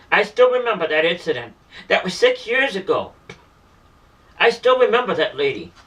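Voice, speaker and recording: Man, earnest self-styled messenger, high bright voice, recorded from a distance. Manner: pleading, repetitive, emotional. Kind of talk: emotional monologue to camera.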